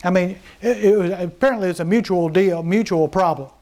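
A man with a notably high voice preaches a sermon, talking to his congregation as if chatting. He keeps asking them questions and slips into quick voices of the people he describes. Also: darkish tone. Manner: voices mockers and scripture in quick asides. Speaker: pastor.

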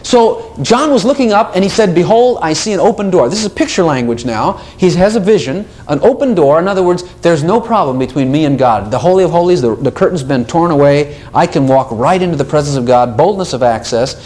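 A man preaching a sermon, animated, swinging between loud exclamations and soft asides. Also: fairly high pitch, a little fast, few pauses.

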